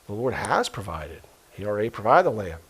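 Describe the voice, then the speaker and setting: A middle-aged man preaching a sermon as a pastor, telling stories earnestly and dropping to a hush for quoted voices. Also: fairly low pitch, big pitch swings, a little fast, breathy edge. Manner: earnest storytelling, emotional retellings with hushed quoted voices.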